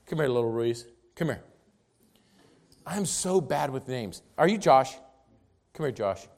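Lively, slow-preaching man. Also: medium pitch. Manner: emphatic, repetitive, swings from loud to soft. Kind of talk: sermon.

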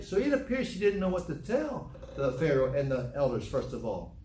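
A man's voice: fairly high pitch, huge pitch swings, moderate pace, warm tone. Older man preaching in an echoey room. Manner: emphatic preaching, quoting scripture in old English. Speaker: pastor. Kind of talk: sermon. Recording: echoey room from a distance, faint ambience.

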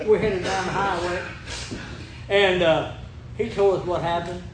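An older man with a high-pitched voice tells folksy ministry stories, chuckling and repeating himself. He sounds like he's in an echoey church hall. A steady background hiss sits under him. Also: unhurried. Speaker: ministry worker. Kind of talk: folksy testimony storytelling. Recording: echoey room with background noise.

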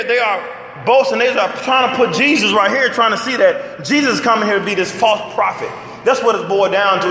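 A middle-aged man preaching in a large hall, his high, sharp voice ringing with a long reverb. He keeps throwing questions at the room and answering them himself, with a faint hum of ambience underneath. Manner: emphatic call-and-answer questions. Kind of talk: sermon.

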